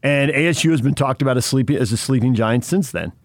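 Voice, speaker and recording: A man's voice: medium pitch, fast talker, no echo. A man co-hosting a sports radio show, chatting casually and laughing often with jokey asides.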